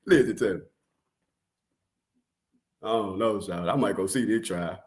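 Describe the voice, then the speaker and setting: A man's voice: on the low side, a little slow, darkish tone. A man with a Detroit accent giving casual, slangy commentary on a true crime case, with laughing asides.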